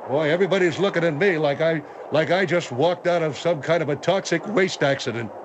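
A man's voice: fairly high pitch, brisk, noisy background, close to an everyday voice. A man playing a rambling, defensive male studio regular who chimes in with asides.

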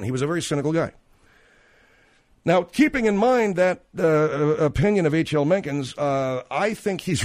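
Male talk radio host, middle-aged, brash and irritable with a slightly high voice.

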